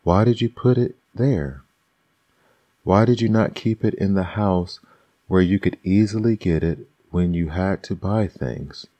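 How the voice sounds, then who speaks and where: Man voicing a level-headed stranger for an ASMR bedtime story, calm questions, deep slow delivery. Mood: reasoning. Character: sensible male stranger, calm and reasoning.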